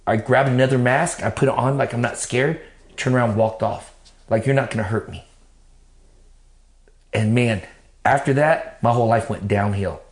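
Man, interview guest, blunt and cursing, mid-pitched, echoey room. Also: normal speed. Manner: blunt and profane, acts out what he told himself. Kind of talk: personal storytelling, casual talk. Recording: roomy echo.

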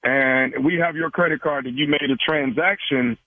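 A man's voice: on the high side, moderate pace, no room sound, voice pushed up, close to an everyday voice. A man playing a polite store manager making a phone call, hesitant and apologetic, on a phone line. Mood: calm.

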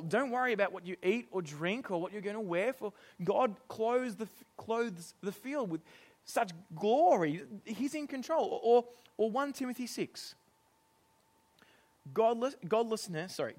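A middle-aged man preaching a sermon, animated and often laughing as he acts out exasperated lines. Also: high voice, normal speed.

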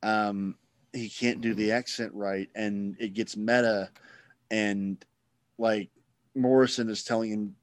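A man's voice: lowish voice, fairly even intonation, measured pace, dry recording. A man hosting a casual podcast chat, rambling and sarcastic, swearing freely.

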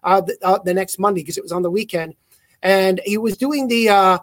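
A man with a notably high voice tells long, wandering stories from his own life. His accent blends English, South African and American sounds. He often backs up and corrects himself mid-sentence. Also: fairly quick. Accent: mixed English, South African and American. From England. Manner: rambling, storytelling, self-correcting. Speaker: guest magician. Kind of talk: casual video-call interview.

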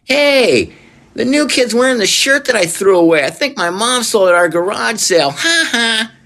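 A man's voice: extremely high pitch, very animated, moderate pace, bright, forceful tone, pitched above the performer's own voice, heavily acted. A man voicing a cocky schoolboy who jeers at a new classmate. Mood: taunting. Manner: jeering, taunting. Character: mocking schoolboy, cocky and taunting.

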